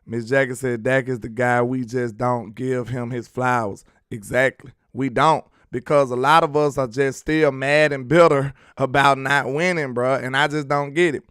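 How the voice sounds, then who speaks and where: A man's voice: mid-range voice, fairly even intonation, normal speed, few pauses, fairly bright tone, smooth, no room sound, clean studio sound. A man hosting a casual sports livestream, reading chat comments aloud with laid-back slangy banter and frequent laughs. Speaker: sports talk livestream host.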